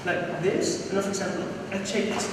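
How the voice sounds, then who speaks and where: A man's voice: sits high, little pitch movement, normal speed. A man teaching a martial arts seminar, explaining and demonstrating moves as he goes. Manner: explains while demonstrating moves, repetitive phrasing. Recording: echoey hall, distant mic, audible noise.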